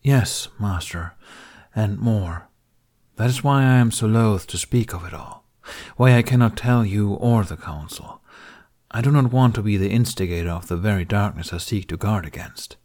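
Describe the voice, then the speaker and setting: A man's voice: lowish voice, normal speed, a little mellow, lightly acted. Man doing an earnest grown Jedi knight. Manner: formal, earnest.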